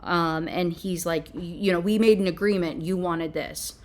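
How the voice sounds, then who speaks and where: A young woman reviewing a novel, reading passages aloud and breaking off into exasperated, animated commentary. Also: on the low side, moderate pace. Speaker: book reviewer. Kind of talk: ranting book review with read-aloud passages.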